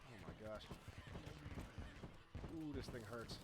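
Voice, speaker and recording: A man giving casual, chatty commentary over his own game, explaining as he plays and getting excited when the fight turns close. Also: mid-range voice, slow pace, heavy background noise. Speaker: gaming YouTuber.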